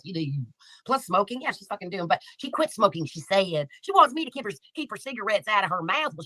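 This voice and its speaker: A woman's voice: mid-range voice, bright, forceful tone, no echo, low-quality recording. A woman hosting a live commentary stream, sarcastic and profane, chatting casually and reading out comments. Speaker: livestream commentary host.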